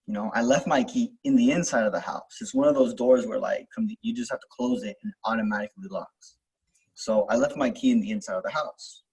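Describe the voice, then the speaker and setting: A man's voice: lowish voice, darkish tone, slightly rough, rough recording. A young man telling a personal story in casual, rambling talk, full of fillers, restarts and swearing, as host of a self-help video.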